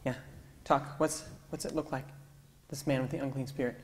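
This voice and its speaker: A man's voice: mid-range voice, fairly even intonation, normal speed. A male pastor leads a call-and-response sermon, his talk easygoing and coaxing as he repeats the answers people offer. His voice carries a long church-hall reverb. A faint hum of ambience sits beneath it. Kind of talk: interactive sermon. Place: church sanctuary.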